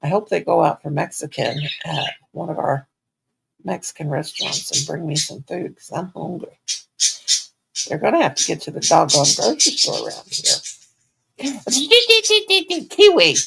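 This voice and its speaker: A woman's voice: sits low, expressive, normal speed, gravelly, noisy background. A woman chatting casually at home on her livestream, talking to herself and cooing at her pets in baby talk. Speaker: livestream host.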